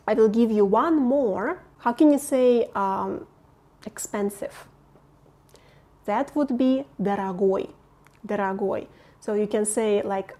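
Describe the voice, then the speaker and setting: A woman gives an online language lesson, patient and clear. Her voice sits a little high, and she speaks slowly and deliberately, repeating each word for practice. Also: a little mellow. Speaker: Russian language teacher.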